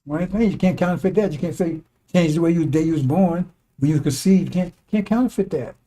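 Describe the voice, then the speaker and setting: A man with a somewhat high, mellow voice, preaching in a loose, conversational way. He keeps circling back to the same point and tosses in little rhetorical checks with his listeners. The tone is casual and emphatic rather than formal. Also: fast talker. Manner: conversational, rhetorical asides like "right?" and "see?"; repetitive, emphatic drilling of points. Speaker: religious commentator. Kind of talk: informal preaching monologue.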